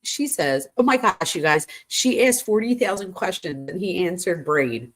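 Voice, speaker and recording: A woman's voice: mid-range voice, expressive, moderate pace. A woman hosting a true crime live stream, reading texts aloud and reacting to them in a chatty way, talking straight to her viewers. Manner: chatty, addresses viewers as "you guys", gasps and exclaims.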